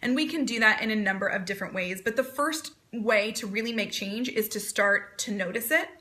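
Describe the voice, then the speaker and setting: A woman in her thirties, a performance coach, giving calm, encouraging advice on a live video talk. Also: mid-range voice, a little fast.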